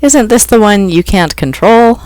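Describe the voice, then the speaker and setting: A reader voicing a practical man at the wheel who speaks dryly and flatly. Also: mid-range voice, measured pace, no room sound, voice pushed up, natural voice. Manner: dry, flat delivery. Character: dry, practical man driving a truck. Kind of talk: audiobook reading.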